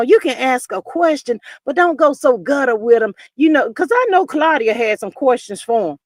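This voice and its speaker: A woman's voice: fairly high pitch, no echo, studio quality. A woman hosting a live-stream talk show, chatting casually and sassily about reality television with lots of exclamations. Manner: animated, sassy, full of exclamations. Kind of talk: casual gossip commentary.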